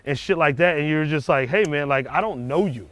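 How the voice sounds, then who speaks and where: A man, a comedian, chatting casually outdoors on a street, animated and profane, acting out the people he quotes. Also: a little high, brisk. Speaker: comedian guest. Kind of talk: casual chat.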